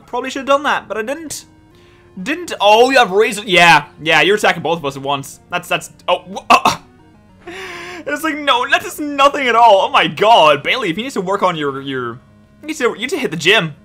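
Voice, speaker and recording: A high-voiced man talks over his gameplay in a bright, tense tone, and his pitch swings widely. He is excitable and exasperated and swears freely. Faint music plays behind him. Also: a little fast. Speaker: let's play host. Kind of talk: gameplay commentary.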